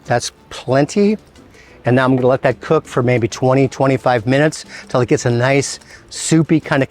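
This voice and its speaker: A man, a chef hosting a cooking demonstration, explaining each step in a relaxed, chatty way with playful asides. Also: mid-range voice. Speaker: chef and show host.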